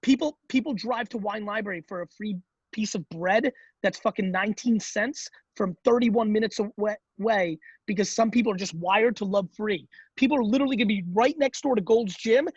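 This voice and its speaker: Blunt, profane man with a husky voice. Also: high-pitched, no echo, dull audio. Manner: blunt, fast, profane, emphatic. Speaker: show host giving business advice. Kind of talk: call-in advice show.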